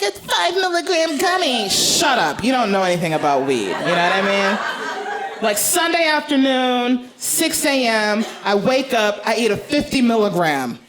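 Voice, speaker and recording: A woman comedian telling a theatrical stand-up story on stage, now and then slipping into mock-grand speeches. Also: medium pitch. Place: comedy stage before a live audience. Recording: live room with crowd laughter. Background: audience laughter.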